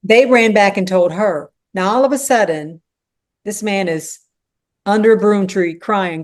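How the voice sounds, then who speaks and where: Casting: woman teaching Bible study, lively and chatty, acts out lines. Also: mid-range voice, unhurried. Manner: animated, acts out dialogue, frequent "you know".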